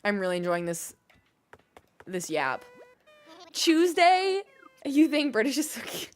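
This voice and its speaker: Speaking at medium pitch and a moderate pace, a very animated young woman streams a game. She giggles, reads chat aloud, and wonders about word pronunciations in a bubbly, casual livestream chat with viewers.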